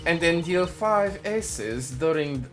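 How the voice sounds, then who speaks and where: A man voicing a scheming female card dealer in a put-on Russian accent, in a slow, sly, boastful delivery for a fan voice-over of a game. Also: a little high, lively intonation, soft background music.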